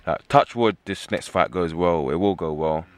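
A young man, a professional fighter talking casually in an interview, fast and repetitive, often asking "you know what I mean". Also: low-pitched, no echo.

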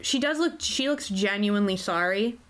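A woman's voice: medium pitch, animated, normal speed, fairly bright tone. A woman running a tabletop game, describing scenes in a plain, casual way. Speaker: game master.

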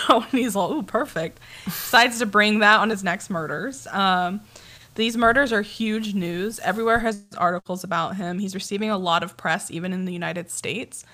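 A woman's voice: medium pitch, normal speed, bright, forceful tone. A woman co-hosting a casual true-crime podcast, chatty and giggly with lots of fillers. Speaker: podcast co-host.

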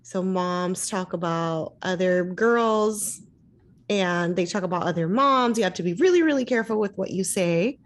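A young adult woman in casual chat, telling anecdotes in an animated way and acting out other people's lines. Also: on the low side, moderate pace. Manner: animated, acts out voices in her anecdotes. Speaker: dance mom.

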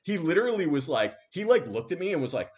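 A man host telling a story casually, animated, with many fillers, acting out what people said. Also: on the high side, fast. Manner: animated, full of fillers and acted-out quotes. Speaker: podcast host. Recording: dull lo-fi sound.

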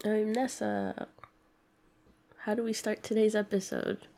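A woman co-hosting a podcast in casual chat, her voice stuffy and congested from a cold. There is a gravelly, fry-laden edge to her speech, and she sits at a middle pitch. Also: flat delivery, a little slow, dark tone. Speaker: podcast co-host.

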